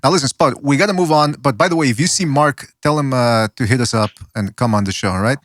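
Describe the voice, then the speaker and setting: A man hosting a casual podcast, firing off jokes and curses at a rapid clip. His voice is dry and close to the mic, with nothing around it. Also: mid-range voice, fairly bright tone, no room sound. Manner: rapid, profane, joking. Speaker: podcast host.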